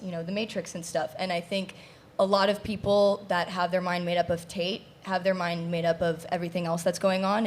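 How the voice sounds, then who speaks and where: A woman on a podcast panel speaking earnestly, filling pauses with "you know". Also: lowish voice, a little hiss or hum. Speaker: panel guest. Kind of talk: casual panel discussion.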